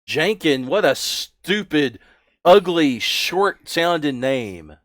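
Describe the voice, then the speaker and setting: Gruff bullying orc camp guard, put on by a male game master, loud and sneering, dry close sound. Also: a little high, sing-song, takes it slowly, dry recording. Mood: scornful. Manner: loud, scornful, barking insults.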